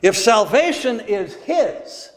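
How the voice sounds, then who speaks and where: A high-voiced man preaches a sermon at an unhurried pace, stressing each key word with weight. His voice rings out with a long church-hall reverb. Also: very animated. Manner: slow and deliberate, with strong emphasis on key words. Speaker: pastor.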